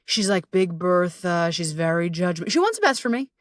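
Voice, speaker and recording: A woman's voice: lowish voice, lively intonation, normal speed, no echo, studio quality, far from the mic. A woman hosting a podcast as a coach, talking candidly and self-deprecatingly, swearing freely and laughing often.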